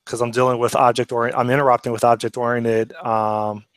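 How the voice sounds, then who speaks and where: A man's voice: mid-range voice, little pitch movement, brisk, smooth, no echo. A man chatting casually while programming, thinking aloud and asking questions as he works. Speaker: programmer sharing his screen. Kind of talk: casual pair-programming chat.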